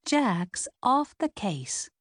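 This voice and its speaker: A woman's voice: a little high, very animated, drawn-out words, husky, no echo, studio quality, voice pushed up, heavily acted. Woman voicing a harried young baker. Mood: worried. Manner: strained, brightly forced on the phone.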